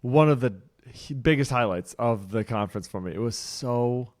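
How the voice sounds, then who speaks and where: Upbeat male podcast co-host, chatty and easygoing, average pitch. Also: lively intonation, normal speed, a little mellow. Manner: upbeat, chatty, laughs easily. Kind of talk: casual chat.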